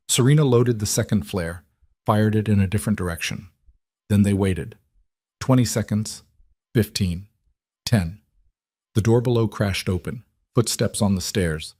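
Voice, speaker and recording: A man narrating a dramatic story in steady, scripted storytelling. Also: lowish voice, moderate pace, dry recording, studio quality.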